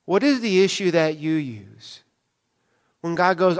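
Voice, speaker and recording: A man's voice: fairly high pitch, expressive, unhurried. A male pastor preaching a sermon in a conversational way, often asking the congregation questions. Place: church hall. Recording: long reverb of a church hall.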